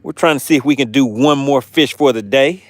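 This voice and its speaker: A man's voice: mid-range voice, brisk, no room sound. Southern-accented Georgia man, laid-back fishing livestream host, chatty commentary, dry mic. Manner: chatty, reads viewer comments aloud with amused asides. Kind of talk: casual livestream chat reading comments. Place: on a boat on a lake outdoors.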